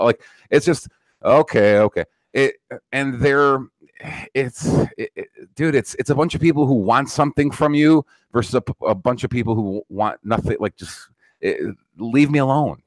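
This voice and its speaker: A man's voice: medium pitch, normal speed, dry recording. A man hosting a podcast, talking in a blunt, profane, ranting way during casual political chat. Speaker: podcast host.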